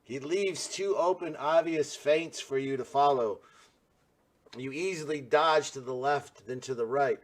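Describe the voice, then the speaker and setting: A man's voice: a little high, unhurried. A man working as game master, narrating a tabletop game in a loose, rambling way with many fillers.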